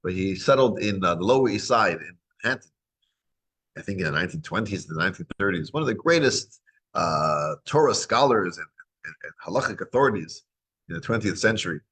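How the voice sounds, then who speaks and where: A man teaching a weekly Torah class, talking in a lively way, dropping low when musing and rising high and excited when urging. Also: brisk, slightly rough. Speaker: rabbi teaching a parsha class.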